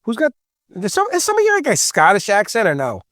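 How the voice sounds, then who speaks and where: A man with a Long Island New York accent and a loud, distinctive voice, joking and chatting as a podcast host. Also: sits high, a little fast, dry recording, studio quality. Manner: animated, joking, talkative. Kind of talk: casual podcast chat.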